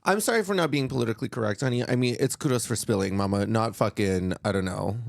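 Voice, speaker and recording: A man's voice: on the low side, fast talker, gravelly, no room sound, studio quality. A man hosting a casual chat show, bawdy and joking, calling people "honey.". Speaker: podcast host.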